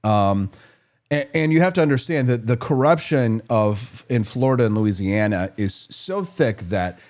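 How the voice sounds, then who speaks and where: Sarcastic talk-show man, lively pitch. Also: normal speed. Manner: sarcastic, jokey, conversational. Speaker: radio show host. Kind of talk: political talk show monologue.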